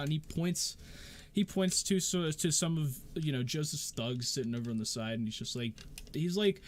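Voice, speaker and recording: A man running a tabletop game, narrating the scene in a loose, rambling way full of fillers. His voice sits a little high. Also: normal speed. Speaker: game master.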